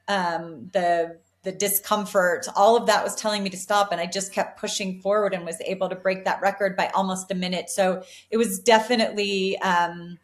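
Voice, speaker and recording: A woman in her forties, an elite distance runner, giving earnest, upbeat answers in an interview, often restarting her sentences. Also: medium pitch. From United States. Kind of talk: reflective interview talk.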